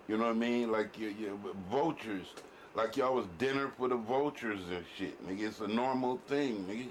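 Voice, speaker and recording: A man's voice: fairly low pitch, normal speed, a little hiss or hum. Blunt, profane man ranting. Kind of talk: heated street-talk commentary.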